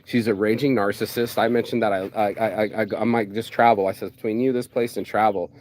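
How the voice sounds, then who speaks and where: A man's voice: fairly low pitch, a little fast. A man telling a personal story in a casual rant, acting out both sides of the conversation and cursing freely. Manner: animated, acts out both sides of conversations, swears.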